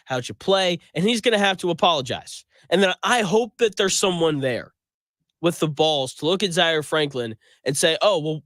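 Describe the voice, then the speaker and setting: A sports radio host with a voice pitched a little high for a man. He talks in a conversational, emphatic way and gives his opinions freely. His studio sound is dry and close, with no room echo. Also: a bit bright. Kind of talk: sports talk radio monologue.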